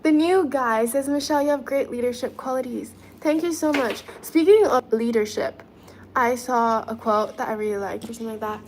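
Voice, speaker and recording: A woman's voice: on the high side, normal speed, a little mellow, a little hiss or hum. A young woman from China on a casual livestream, reading viewer comments aloud and answering them in a chatty way.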